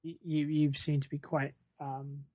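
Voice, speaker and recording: A man's voice: on the high side, level tone, unhurried, warm tone. Teasing, provocative man podcast co-host. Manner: teasing, provocative, plays devil's advocate. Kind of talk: comedic podcast chat.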